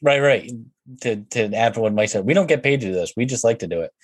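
A man's voice: mid-range voice, lively intonation, quick pace, breathy edge, no echo. Laid-back young man, giggly co-host. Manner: laid-back, giggly, stumbling over words. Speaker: podcast co-host. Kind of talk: casual golf podcast chat.

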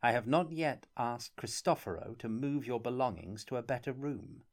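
Man reading nobleman, mocking, dismissive, higher voice. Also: moderate pace, natural voice. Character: mocking male nobleman host. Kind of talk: audiobook character reading.

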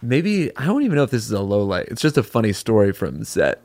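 A young man with a low voice rambles through a casual podcast chat. He piles on fillers and self-corrections. The sound is close and dry. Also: sing-song, fast, a little mellow, no echo. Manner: rambling, many fillers and restarts. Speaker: podcast co-host and series director.

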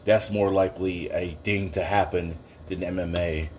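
A man's voice: low voice, steady tone, moderate pace, darkish tone, slight background noise. A man hosting a casual solo podcast from his kitchen, rambling and swearing, breaking into bursts of laughing outrage. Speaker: podcast host. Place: home kitchen.

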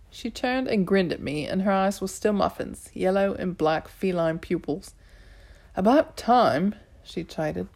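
A woman reading a first-person audiobook with wry, lively storytelling. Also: medium pitch. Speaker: audiobook narrator. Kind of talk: scripted first-person narration.

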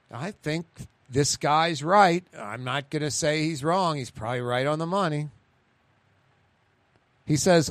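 A man's voice: on the high side, normal speed, fairly bright tone, dry recording. A male radio talk show host, chatting on air in a blunt, ranting way with sarcastic asides.

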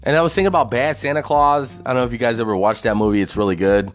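A man's voice: mid-range voice, steady tone, rapid-fire, faint music behind. A man hosting a podcast alone, rambling and swearing a lot, laughing at his own jokes. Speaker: podcast host. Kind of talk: casual solo podcast rant.

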